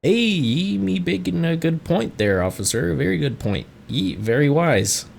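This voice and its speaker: A man voicing a rough, friendly male tavern keeper in a salty dialect, with a gravelly edge. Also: medium pitch, brisk, lightly acted. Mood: hearty. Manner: piratey dialect, dropped endings, hearty.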